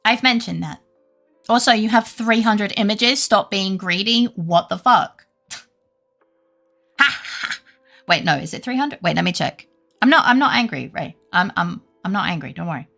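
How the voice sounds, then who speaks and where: A British woman talks to her live viewers in a loose, rambling way, swearing freely and poking fun at herself. Her voice is bright and sharp, with a gravelly crackle at the ends of phrases. Soft music plays quietly behind her. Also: medium pitch, normal speed. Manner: rambling, sweary, self-deprecating, laughs often. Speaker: live streamer. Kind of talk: casual chat with live viewers.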